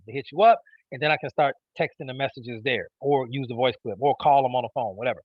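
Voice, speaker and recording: A man's voice: medium pitch, quick pace, slightly rough, no room sound, lo-fi sound. A man teaching a sales training class, emphatic and repetitive, often checking in with his listeners. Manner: emphatic, repeats key phrases, checks in with "okay?". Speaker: network marketing trainer. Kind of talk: instructional talk.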